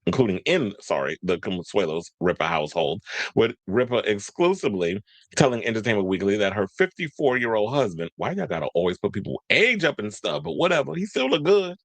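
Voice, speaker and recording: A man's voice: mid-range voice, very animated, fairly quick, no room sound. A man hosting casual entertainment news commentary, rambling in slangy talk, reading stories aloud and chatting with viewers. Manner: rambling, slangy, loses his train of thought; talks to viewers and live chat.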